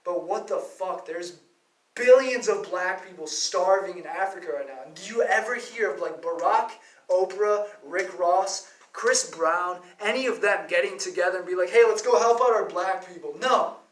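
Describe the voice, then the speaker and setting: A man's voice: high-pitched, normal speed, fairly bright tone. Man ranting in a roomy space. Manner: profane, rambling, heated. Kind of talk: ranting monologue. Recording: roomy, distant from the mic.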